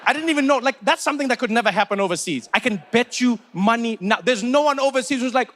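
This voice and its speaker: A man's voice: very high-pitched, expressive, fast, hardly any pauses, a bit bright. A man with a South African accent, telling stand-up stories in a conversational way. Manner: conversational storytelling with asides. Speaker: comedian. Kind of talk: stand-up comedy.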